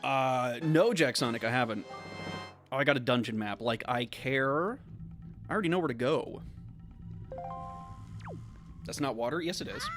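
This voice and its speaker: A young man streaming a game, talking casually with sarcastic, excitable reactions. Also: mid-range voice, normal speed, long pauses, over music. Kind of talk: casual live-stream commentary.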